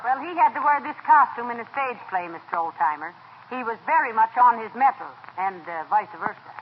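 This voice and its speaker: An actress playing a patient, dryly witty wife in a 1940s radio comedy. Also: female voice, fairly high pitch, expressive, a little fast, close to an everyday voice. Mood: teasing. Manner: gently teasing, soothing. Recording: dull old radio recording with hiss.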